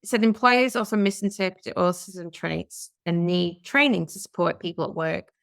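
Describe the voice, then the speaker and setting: Low, gravelly woman co-host. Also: normal speed, fairly bright tone, no room sound, clean studio sound. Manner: chatty, reads and comments on articles. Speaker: podcast co-host. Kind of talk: casual discussion, reading out news stories.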